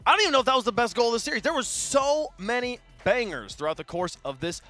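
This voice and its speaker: A man's voice: very high voice, expressive, fast talker, bright, forceful tone, soft background music. A man hosting a live esports broadcast, enthusiastic and speaking to the viewers. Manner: enthusiastic, addresses viewers as folks. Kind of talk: live esports analysis chat.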